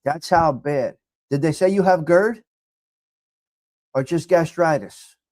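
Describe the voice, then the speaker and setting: A middle-aged man with a New York accent hosting a casual live chat, giving blunt, profane tough love to viewers and swinging from low mutters to loud outbursts. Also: slow pace, no room sound, studio quality. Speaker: livestream host reading chat.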